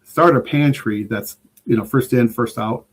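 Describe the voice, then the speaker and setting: In a casual podcast conversation, the guest preparedness expert, an older man, rambles enthusiastically through his stories. He speaks in a mid-range voice at a measured pace.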